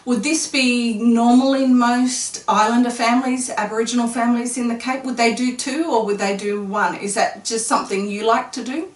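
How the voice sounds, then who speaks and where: A woman interviewer in a casual chat, her voice a touch high and recorded from some distance. She keeps leading the guest with questions and confirming each reply. The room adds a noticeable echo. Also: fairly even intonation, moderate pace, few pauses. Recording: echoey room, mic at a distance.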